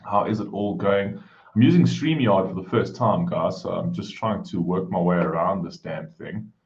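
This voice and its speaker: A man with a very low voice chats casually on a home live stream, calling out viewers by name in a friendly, hushed way. The audio is dull and lo-fi. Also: normal speed. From South Africa. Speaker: livestream host. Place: home room.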